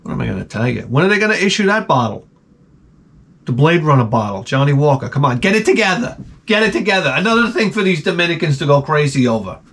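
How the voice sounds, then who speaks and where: A man hosting his own channel, telling a rambling comic story with lots of swearing and loud mouth sound effects. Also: fairly high pitch, fast talker. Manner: animated, profane, with loud sound-effect imitations. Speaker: channel host. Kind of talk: rambling comedic monologue.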